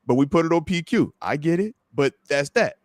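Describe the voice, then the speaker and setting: A man's voice: fairly high pitch, animated, fairly quick, no room sound, clean studio sound. A man, a former pro football player, talking football with passion on a live podcast and acting out voices of players and fans. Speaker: former NFL player and guest analyst.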